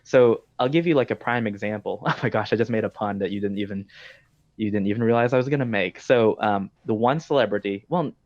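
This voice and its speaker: Man, podcast host, low voice, dry lo-fi recording, rambling storyteller. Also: no echo. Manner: talkative storyteller, frequent ums and likes. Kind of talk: casual podcast conversation. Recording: dull dry lo-fi sound.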